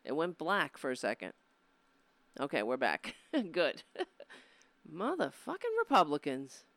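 Speaking a little slowly in a low voice, this woman runs a live political commentary stream with no echo. She is animated and exasperated, frequently mocking and cursing.

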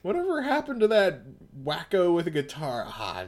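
A man's voice: fairly high pitch, huge pitch swings, normal speed, noisy background. Guy casually joking thru an anime read-along, laughs a lot, narrates whats on screen.

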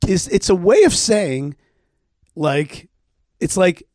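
A man's voice: high voice, big pitch swings, slow pace, darkish tone, dry recording, clean studio sound. A man hosting a talk show, chatting casually and animatedly, often repeating himself as he builds a point. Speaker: show host. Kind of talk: casual political chat.

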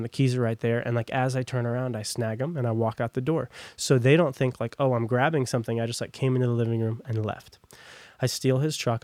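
As a podcast guest, a young man shares his personal testimony casually and ramblingly, full of fillers and especially heavy on "like" and "long story short." His voice is medium-pitched with a darkish tone, and there's no room sound.

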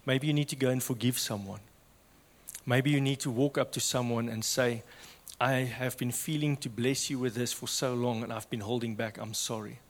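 A man preaching a sermon with passion, swinging from loud to hushed. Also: mid-range voice, steady tone, moderate pace, long reverb tail.

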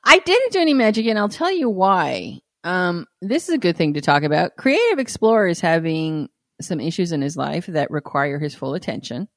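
A woman's voice: on the low side, big pitch swings, moderate pace, no room sound. A woman co-hosting a podcast, teasing her partner in casual chat, laughing readily and giving frank relationship advice. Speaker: podcast co-host.

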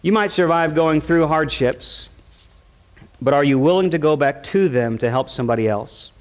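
Man, pastor preaching to the church, passionate, rhetorical, slightly high voice. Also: normal speed. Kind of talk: sermon. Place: church service with congregation.

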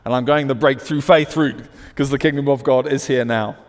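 A man with a British accent preaching a sermon, swinging from loud emphatic declarations to hushed storytelling. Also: medium pitch, steady tone, normal speed, long reverb tail.

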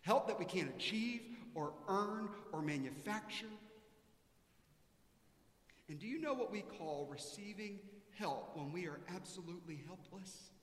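A male pastor preaches with a fairly high voice, shifting between animated storytelling and quiet earnestness. His voice rings through a large church with a long, roomy echo. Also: a little slow, a little hiss or hum. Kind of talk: sermon. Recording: echoey church hall.

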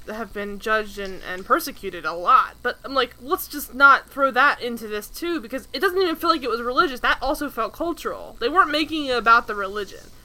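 A young adult woman co-hosting a casual podcast recap, talking in an animated way with frequent laughs and lots of "like". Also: on the high side. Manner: animated, laughing, heavy use of "like". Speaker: podcast co-host recapping a TV show. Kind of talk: casual chat.

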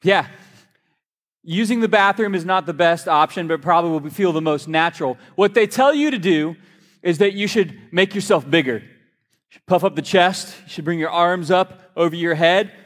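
A man preaching a sermon in a church, a lively, joking storyteller. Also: sits high, normal speed. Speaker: pastor. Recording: long hall reverb.

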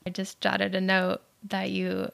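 A woman hosts an interview, nudging her guest on with short, encouraging replies. Her voice is fairly flat in pitch and has a gravelly fry. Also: measured pace. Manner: brief encouraging backchannels. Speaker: podcast host.

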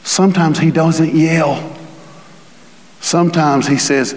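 Male pastor with a high voice, preaching slowly and dramatically in a big echoing hall. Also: lively intonation. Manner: swings from hushed to booming when reading scripture. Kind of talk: sermon.

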